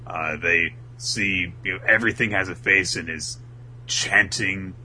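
A man's voice: low voice, measured pace, sharp tone, a little hiss or hum, poor audio. A man co-hosting a podcast, casually retelling an episode with a laid-back, filler-heavy manner. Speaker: podcast co-host recapping anime. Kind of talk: casual chat.

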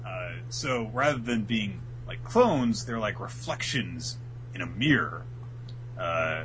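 A man's voice: lowish voice, lively intonation, takes it slowly, fairly bright tone, a little hiss or hum, poor audio. A man co-hosting a podcast, casually retelling an episode with a laid-back, filler-heavy manner. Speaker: podcast co-host recapping anime. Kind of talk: casual chat.

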